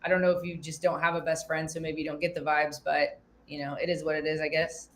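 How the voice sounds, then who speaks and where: A woman guesting on a livestream, chatting casually and cracking quick jokes. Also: low-pitched, little pitch movement, fairly bright tone, slight background noise. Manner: chatty, joking, quick comebacks. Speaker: guest co-host of a reaction channel.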